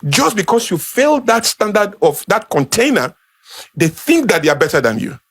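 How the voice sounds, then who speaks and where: Nigerian man, Yoruba accent, slightly raised pitch, emphatic and conversational delivery to a room. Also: big pitch swings, moderate pace, fairly bright tone, slightly rough. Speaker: speaker. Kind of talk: informal talk to a small group.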